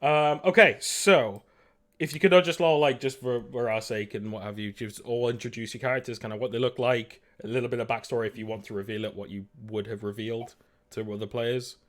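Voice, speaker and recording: A man's voice: medium pitch, steady tone, a little fast, a bit bright. A man running a tabletop role-playing session over voice chat. His voice sits in a middle range, and he is upbeat and chatty, laughing easily between questions. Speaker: game master.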